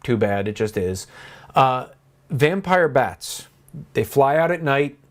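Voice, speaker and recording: A man's voice: medium pitch, expressive, slow pace. A man teaching a theology class, arguing his points emphatically and turning to the students with asides. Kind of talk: classroom lecture.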